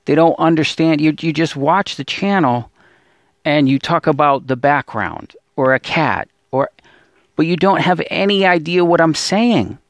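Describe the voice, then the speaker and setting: Discouraged guy pleading on his bible channel, gravelly voice, dry sound, keeps restarting and repeating himself. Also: on the high side, lively intonation, unhurried, dry recording. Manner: pleading, repetitive, stammering restarts. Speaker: Bible teacher and channel host. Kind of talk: emotional religious vlog monologue.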